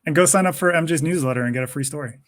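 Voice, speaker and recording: A man's voice: fairly high pitch, rapid-fire, a crowd in the background. A man co-hosting a podcast over a video call, loose and joking and swearing freely. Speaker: podcast co-host.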